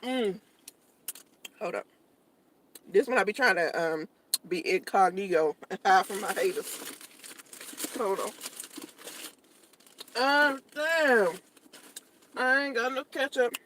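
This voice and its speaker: A woman's voice: mid-range voice, lively intonation, slow pace, long pauses, fairly bright tone, a little hiss or hum. A young woman vlogging casually from her parked car while eating, chatty and joking, talking with her mouth full.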